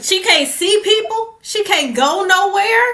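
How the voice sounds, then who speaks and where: A woman hosting an online comedy show, telling a stand-up bit in an animated, storytelling way. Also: very high-pitched, unhurried, echoey room, a little hiss or hum. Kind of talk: stand-up comedy set and emcee banter.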